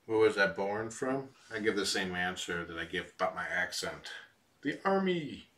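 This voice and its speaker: A man casually commenting to viewers from home, relaxed and chatty with dry asides. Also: low voice, moderate pace, far from the mic. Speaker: live stream host. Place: home room with cats.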